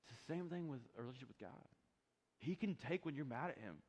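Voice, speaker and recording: A young adult man, a pastor, preaching a sermon and swinging between loud emphatic peaks and quiet low asides. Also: expressive, quick pace, husky, long reverb tail.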